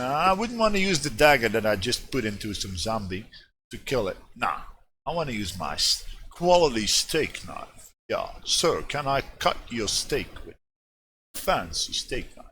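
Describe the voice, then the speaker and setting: A male streamer in casual gameplay commentary, rambling and joking as he reads game text aloud. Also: mid-range voice. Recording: steady background noise.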